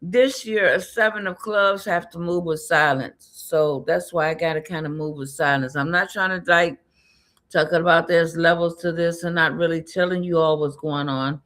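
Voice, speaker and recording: A woman's voice: lowish voice, moderate pace, fairly bright tone. A woman giving a casual spiritual reading, rambling and repetitive, often laughing and muttering to herself. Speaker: tarot and numerology reader.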